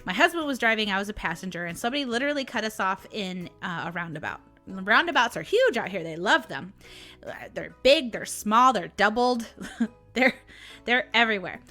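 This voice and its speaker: A woman's voice: medium pitch, lively intonation, brisk, pushed and bright, faint music behind. A woman with a Southern US accent hosting a casual vlog, ranting animatedly with sarcastic asides and frequent laughs. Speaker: vlog host.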